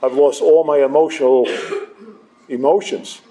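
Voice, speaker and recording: A man's voice: a little high, steady tone, unhurried, a crowd in the background. A middle-aged man sharing his recovery story with a live audience, conversational and self-deprecating.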